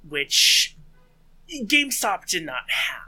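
A man's voice: sits high, very animated, slow, bright, forceful tone, slightly rough, low-quality recording. A man co-hosting a podcast, mocking the news in a laid-back way and laughing often. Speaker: podcast co-host. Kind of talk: casual news commentary chat.

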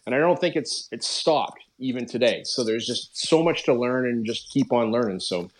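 A man's voice: mid-range voice, lively intonation, normal speed. Chatty man, full of fillers. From Canada. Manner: rambling, lots of "you know" and "like" fillers. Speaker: podcast guest. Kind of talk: casual conversational interview.

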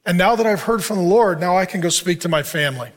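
Male pastor, middle-aged, slightly higher voice, relaxed conversational sermon delivery, earnest. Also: fast talker. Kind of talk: sermon to a men's group.

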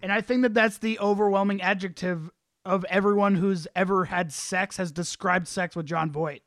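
A man's voice: sits high, steady tone, moderate pace, fairly bright tone, no echo, studio quality. A man co-hosting a podcast in casual chat, sarcastic and full of wisecracks. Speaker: podcast co-host.

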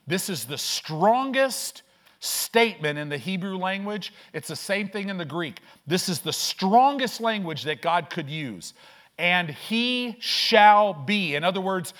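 Energetic higher-voiced man preaching. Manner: energetic preaching with quick bursts and rhetorical questions; call-and-response with the congregation. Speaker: pastor. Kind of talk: sermon. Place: church.

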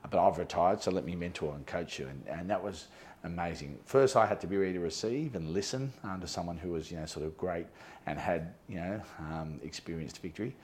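Man, middle-aged, very low voice, animated storyteller, lots of ums and restarts. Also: brisk. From Australia. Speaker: guest. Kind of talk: storytelling interview.

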